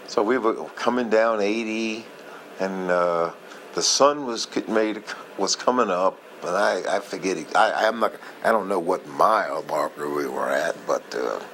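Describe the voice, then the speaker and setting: A man with a fairly low voice talks very slowly, reminiscing in a casual, heartfelt monologue. He rambles and halts, often losing his thread as he goes. A faint hiss sits under his voice. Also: a bit bright, rough recording. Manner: heartfelt, moved by the memory. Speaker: vlogger sharing memories.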